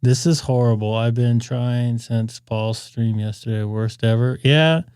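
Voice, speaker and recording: A man's voice: medium pitch, fairly even intonation, measured pace, darkish tone, clear, resonant tone, no echo, studio quality. A man hosting a ham radio live stream, chatting casually and rambling in asides to his viewers.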